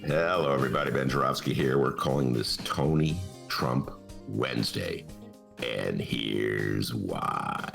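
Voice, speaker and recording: A man's voice: rumbling low, expressive, measured pace, creaky, a bit bright, soft background music. A man with a Chicago accent hosting a podcast, ranting with theatrical mock outrage about local politics. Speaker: podcast host. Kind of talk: comic political rant. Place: home studio.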